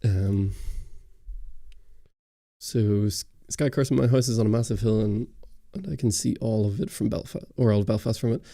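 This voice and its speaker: A man's voice: on the low side, normal speed, gravelly, warm tone, dry recording. A man from Northern Ireland with a Northern Irish accent, hosting a casual livestream and rambling through answers to viewer chat on a close studio mic. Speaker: YouTube host on a livestream.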